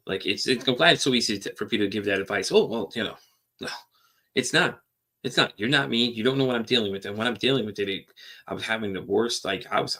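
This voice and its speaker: A man's voice: on the low side, gravelly, pushed and bright. A man hosting a podcast, talking candidly and at length in a rambling, repetitive way with casual swearing. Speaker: podcast host. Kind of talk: candid personal monologue.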